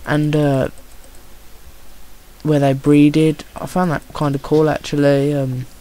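A young man with a Birmingham accent, giving chatty, excitable and jokey commentary on his own gameplay. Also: fairly high pitch, takes it slowly, slight background noise. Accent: Birmingham English. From Birmingham, England.

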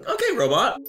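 A man in his thirties doing casual, sarcastic reaction commentary, swearing freely and acting mock-outraged. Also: extremely high pitch.

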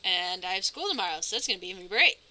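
A woman's voice: fairly low pitch, animated, very fast, sharp tone, slight background noise, rough recording. A woman commentating her game playthrough, chatty and narrating her moves, with nervous reactions. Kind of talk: let's play commentary.

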